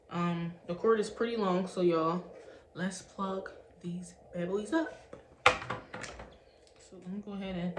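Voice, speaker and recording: Slow-talking young woman vlogger, echoey room. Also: fairly low pitch. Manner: chatty, keeps addressing viewers as "y'all". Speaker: beauty vlogger reviewing a product. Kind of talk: casual unboxing review. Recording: echoey room with faint background hiss.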